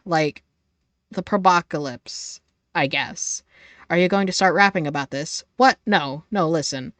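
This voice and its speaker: A woman's voice: lowish voice, unhurried, fairly bright tone, no room sound. A young adult woman streaming a game live, reading its text aloud in a profane, playful way.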